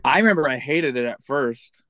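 A man's voice: mid-range voice, expressive, brisk, pushed and bright, no room sound. A man, a guest musician, telling candid, self-deprecating stories in a casual interview chat.

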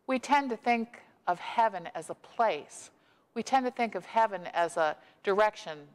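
Woman pastor preaching in an echoing church. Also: mid-range voice. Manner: measured, storytelling delivery. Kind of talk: sermon with scripture reading. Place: church sanctuary. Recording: long echo of a church hall.

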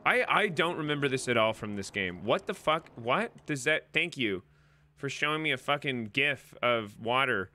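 A man's voice: mid-range voice, animated, moderate pace, bright, forceful tone. A young man giving joking, irreverent commentary while playing a game, laughing often. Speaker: gaming streamer. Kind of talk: casual gameplay commentary.

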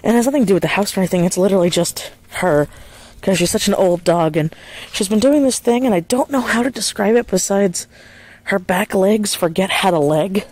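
A woman vlogging in casual chat, rambling and swearing freely, speaking in a soft hushed voice outdoors at night while walking a dog. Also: medium pitch, a little fast.

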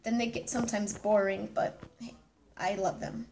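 A woman's voice: mid-range voice, steady tone, moderate pace, darkish tone, slight background noise. A nineteen-year-old woman chatting casually in a vlog, bubbly and rambling, often restarting her sentences. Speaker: vlogger.

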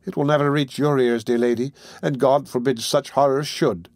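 A man's voice: medium pitch, steady tone, normal speed, a little mellow, dry recording, clean studio sound, close to an everyday voice. A man reading an audiobook, voicing a frightened, desperate young woman with an urgent, pleading delivery. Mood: despairing.

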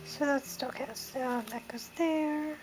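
High-voiced young woman unboxing trading cards. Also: slow, over music, poor audio. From United Kingdom. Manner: murmurs card names in a soft running list, with small excited reactions. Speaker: card-opening vlogger. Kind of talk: casual card-opening commentary.

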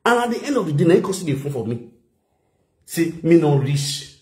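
A man's voice: on the high side, brisk, echoey room. A man with a Nigerian accent chatting loosely and laughing often on a live stream. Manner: laughing, rambling, animated. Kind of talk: casual live-stream chat.

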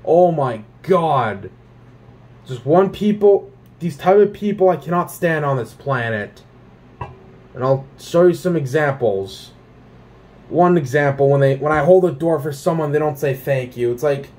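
Profane ranting young man, raised pitch. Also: measured pace. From Canada. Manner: profane, animated ranting with many fillers. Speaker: vlogger. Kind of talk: casual ranting monologue.

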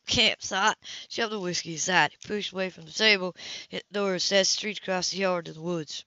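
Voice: mid-range voice, a little fast, bright, forceful tone, dry recording. An amateur audiobook reader who stumbles over words and chuckles at the text while reading, in a dull lo-fi recording.

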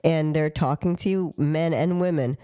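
A woman co-hosting a podcast in casual chat, playful and quick to laugh. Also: deep voice, dark tone, clean tone. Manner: laughing, playful back-and-forth. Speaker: podcast co-host.

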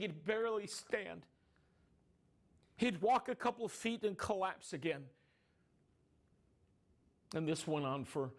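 A man performs an anguished younger brother recounting his brother's suffering as a first-person dramatic monologue. The voice sits high for a man. It stays earnest and emotional, swelling into grief-stricken cries. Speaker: dramatic storyteller.

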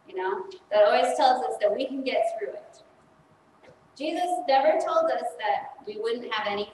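In a church sanctuary, a woman priest in her thirties gives a chatty children's sermon and asks the congregation questions. Her voice is fairly high, heard from far off in an echoey church with slight background noise.

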